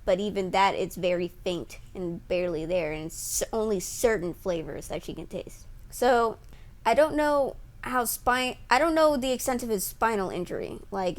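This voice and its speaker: A woman ranting in a movie review vlog, rambling with many fillers and restarts and growing exasperated. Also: medium pitch. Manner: grows heated and exasperated, laughs at her own slips. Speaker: vlogger reviewing a film.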